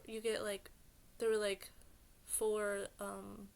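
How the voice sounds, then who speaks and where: A woman's voice: medium pitch, takes it slowly, creaky. A woman vlogger telling a story in a casual, rambling way, full of fillers and exasperated asides. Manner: rambling, filler-heavy retelling with many "like"s; exasperated, animated venting.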